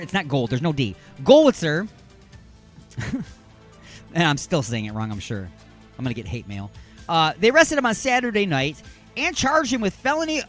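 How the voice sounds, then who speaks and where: Lively high-voiced joking radio host man. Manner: joking, rambling and self-mocking asides. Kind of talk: comedic radio banter reading news stories. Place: internet radio studio.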